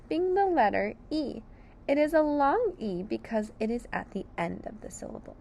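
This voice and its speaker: A woman teaches sight words to young children at a very slow, deliberate pace, stretching each syllable apart. Her pitch sits fairly high and swings widely as she models the sounds. A gravelly fry creeps into the ends of her phrases. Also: sing-song, a little mellow.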